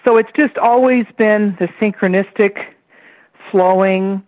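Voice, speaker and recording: A woman's voice: medium pitch, measured pace, dry recording. Woman telling stories over a tinny phone line. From Tennessee, USA. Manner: lively storyteller who acts out the voices of relatives. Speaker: radio guest, psychic astrologer. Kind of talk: personal storytelling on a call-in radio show. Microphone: telephone.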